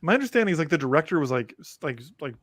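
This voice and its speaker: Enthusiastic podcast man, slightly high voice. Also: very animated, rapid-fire, no echo. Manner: enthusiastic, joking, heavy use of "like". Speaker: podcast co-host. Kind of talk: casual chat.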